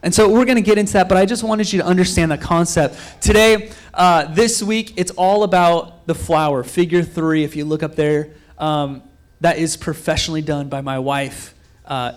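A young adult man preaches a loose, rambling sermon as a pastor, telling a story and acting out quotes of himself and others, with frequent fillers and restarts. His voice is a little high, with fairly even intonation at a moderate pace.

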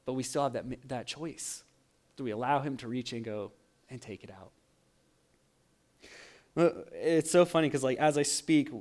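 A young adult man, a pastor, preaching a sermon with animated storytelling and frequent laughs. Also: medium pitch.

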